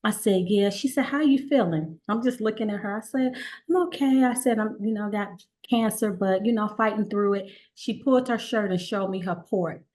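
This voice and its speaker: A middle-aged woman guest telling her story in a relaxed conversational way, acting out the voices of the people she quotes. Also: mid-range voice, moderate pace. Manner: animated, acts out quoted dialogue.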